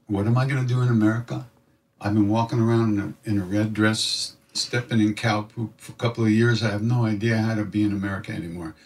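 A man telling a reflective personal story, animated and acting out other people's voices in his quotes. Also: lowish voice, far from the mic. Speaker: spiritual storyteller.

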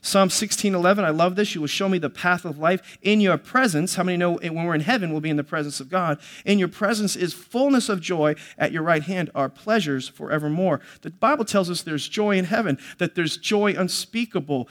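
A man's voice: high-pitched, a little fast, hardly any pauses, a bit bright. A male pastor preaching a sermon, teaching earnestly with many fillers and restarts and reading scripture aloud.

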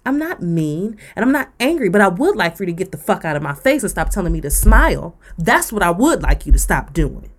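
A woman's voice: on the low side, big pitch swings, a little fast, hardly any pauses. A woman, co-hosting a podcast and ranting bluntly with profanity. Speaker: podcast co-host. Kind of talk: casual rant on a podcast.

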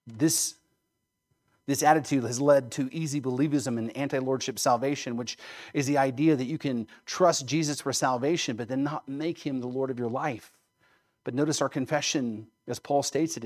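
A man's voice: medium pitch, moderate pace, darkish tone. A male pastor preaching a sermon, emphatic, often checking in with rhetorical questions.

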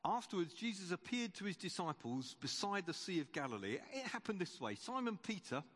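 A male preacher delivers a sermon in a conversational way, often restarting and repeating words as he goes. His voice sits somewhat high for a man. A long reverb from the church hall trails after each phrase. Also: sing-song, brisk, fairly bright tone. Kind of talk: sermon with retold Bible story.

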